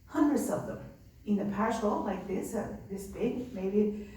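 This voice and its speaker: A woman's voice: mid-range voice, lively intonation, unhurried, mellow. A nun telling stories of her migrant respite center in an earnest, conversational way. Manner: earnest, conversational with many fillers. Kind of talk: personal storytelling. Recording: echoey room from far off, faint ambience.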